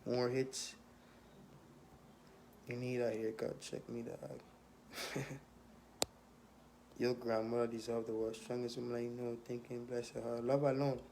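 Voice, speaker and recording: A man's voice: medium pitch, completely flat delivery, normal speed, long pauses, warm tone, a little hiss or hum. Laid-back Virgin Islands rapper man. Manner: laid-back, streetwise, with repeated tag questions. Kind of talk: casual Q&A, reading questions aloud.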